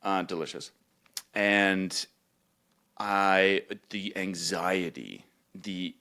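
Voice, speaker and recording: A young man from Newfoundland, co-hosting a podcast, tells a personal story in casual, emotional chat and sometimes jumps high to mimic his mother. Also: lively intonation, normal speed, fairly bright tone. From Newfoundland, Canada. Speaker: podcast co-host.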